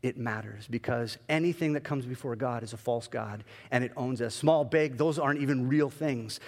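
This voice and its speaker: A man's voice: medium pitch, moderate pace, long reverb tail. A male pastor preaching a sermon in a conversational, self-deprecating storytelling way.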